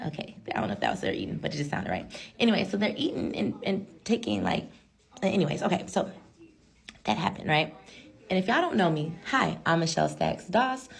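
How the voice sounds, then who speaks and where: Gravelly chatty woman telling a story. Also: medium pitch, big pitch swings, brisk. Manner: chatty, slangy, addresses viewers as girl and child. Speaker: vlogger. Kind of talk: casual storytelling to viewers.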